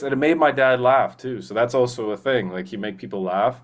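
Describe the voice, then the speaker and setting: A man's voice: mid-range voice, fast. A young man, a voice actor talking earnestly in a casual interview, rambling with many restarts. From Canada. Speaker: guest voice actor.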